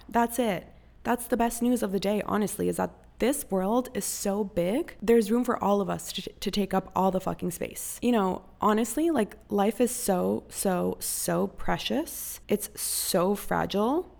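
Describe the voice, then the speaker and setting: Gravelly-voiced woman giving a frank pep talk. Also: medium pitch, normal speed, darkish tone. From Costa Rica. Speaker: podcast host. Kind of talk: casual motivational podcast monologue.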